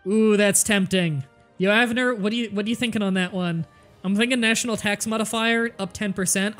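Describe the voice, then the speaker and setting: A woman streaming a strategy game, joking, swearing freely and thinking aloud, with faint music behind. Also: medium pitch. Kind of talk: casual gameplay livestream commentary.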